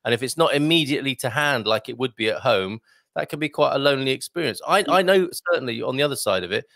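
A man's voice: mid-range voice, animated, fast talker, vocal fry, a bit bright, no room sound. Chatty male host, dry sound. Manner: chatty, playful, reads viewer comments aloud. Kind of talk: casual livestream chat.

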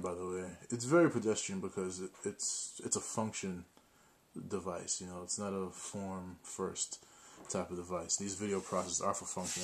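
A man with a deep, low voice talks through an unboxing in a loose, chatty way. He jokes at his own expense and keeps a playful, easygoing tone. A faint hiss of noise sits under his voice. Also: sharp tone. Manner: playful, chatty, self-mocking. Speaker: video host. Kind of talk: casual unboxing narration.

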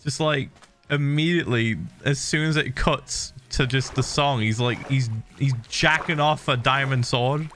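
A man's voice: medium pitch, a little slow, fairly bright tone, faint music behind. A man in his thirties chatting casually on a livestream, swearing freely and muttering little sound effects while he builds. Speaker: streamer.

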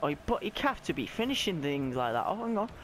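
A young man giving live, excitable commentary on his own gameplay, often shouting and squealing as his voice cracks high. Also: fast, a little hiss or hum. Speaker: gaming YouTuber.

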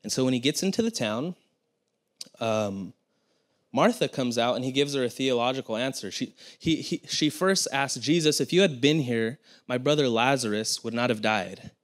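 A man's voice: mid-range voice, expressive, normal speed. A young man, a pastor, giving a sermon in an earnest, conversational way, with frequent restarts and asides to the congregation.

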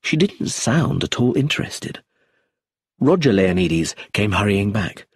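A man with a husky voice narrating an audiobook in an expressive, measured reading. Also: lowish voice, no room sound, clean studio sound.

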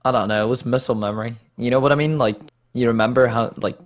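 A guy co-hosting a laid-back gaming podcast. he tells stories in a loose, rambling way, with plenty of fillers and "like"s. his pitch sits right in the ordinary middle for a man. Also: fairly even intonation, fast talker. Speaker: podcast co-host and gamer. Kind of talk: casual chat.

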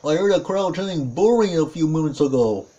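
A man calling a tag team wrestling match play by play, excitable, with frequent exclamations and self-corrections. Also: a little high, a little fast, lo-fi sound. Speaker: wrestling commentator. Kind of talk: play-by-play commentary.

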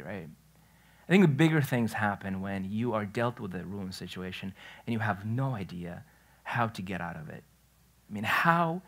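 A man preaching a conversational sermon in a church, telling a personal story in a chatty way and often restarting his sentences. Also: fairly low pitch. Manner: storytelling, chatty, self-correcting, laughs at his own story. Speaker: pastor. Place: church sanctuary.

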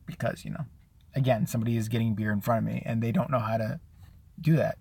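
A man live-streaming a casual rant, profane and sarcastic, who often mimics other people in a high, mocking voice. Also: steady tone, fast, gravelly, darkish tone, slightly rough. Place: out and about, at a store.

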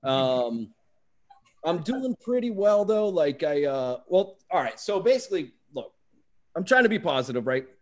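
A man's voice: fairly high pitch, very animated, measured pace. A young man doing stand-up on a video call, telling a story in a rambling way full of "like" and restarts. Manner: rambling, full of "like" and restarts, acts out quoted voices. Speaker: stand-up comedian. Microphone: video call microphone.

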